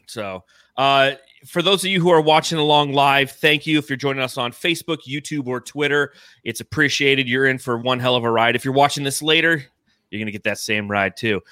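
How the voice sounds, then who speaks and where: A man's voice: medium pitch, brisk, sharp tone, no room sound. A man co-hosting a sports podcast in a casual, playful, upbeat way. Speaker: podcast co-host.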